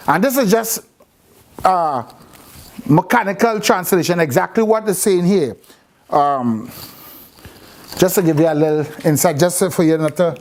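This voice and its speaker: A woman's voice: on the low side, lively intonation, a little slow, long pauses, a little mellow. A woman teaching a Bible class, repeating phrases and quizzing her students with questions. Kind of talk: interactive scripture class.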